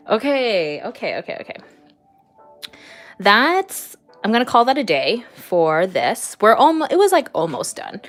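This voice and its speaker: A woman's voice: a little high, big pitch swings, a little slow, a bit bright, soft background music. A young woman chatting casually on a home art livestream, rambling with lots of fillers and small laughs. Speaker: artist streaming live.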